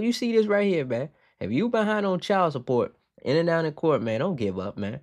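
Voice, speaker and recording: Man, reaction host, excitable, profane, dry close sound. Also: a little high, a little fast, hardly any pauses, no echo. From Virginia, USA. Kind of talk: casual reaction commentary. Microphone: headphones on, talking to camera.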